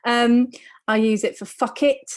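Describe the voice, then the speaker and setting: A woman chatting on a casual podcast, her voice pitched a little high. She tells stories with lively energy and laughs often. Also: unhurried. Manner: animated storytelling, laughs often. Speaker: podcast co-host. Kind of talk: casual chat.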